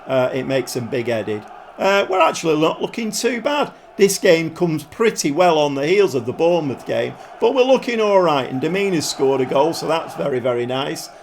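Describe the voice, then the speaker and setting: A man calls the action of his football management game in the chatty manner of a match pundit. His voice sits a little high for a man and keeps a light, eager energy. A faint hiss runs under the recording. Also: normal speed. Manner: commentates like a football pundit, with sudden excited outbursts. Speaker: gaming YouTuber. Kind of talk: excitable game commentary.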